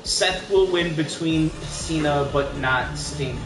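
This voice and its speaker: A co-host of a casual wrestling chat show, giving quick, opinionated remarks. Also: mid-range voice. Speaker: podcast co-host. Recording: roomy live stream with background music.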